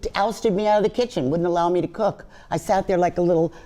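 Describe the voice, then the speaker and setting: A woman's voice: fairly low pitch, steady tone, fast, mellow. An older woman, a chef, telling brash, profane stories in a casual interview. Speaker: guest chef.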